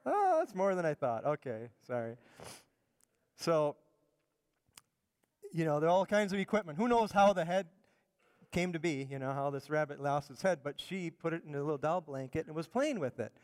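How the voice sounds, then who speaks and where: A man's voice: fairly high pitch, very animated, normal speed. A middle-aged man preaching a sermon to his congregation in a church, talking in a conversational way and often repeating words as he builds a point. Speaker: pastor. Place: church sanctuary. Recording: long hall reverb.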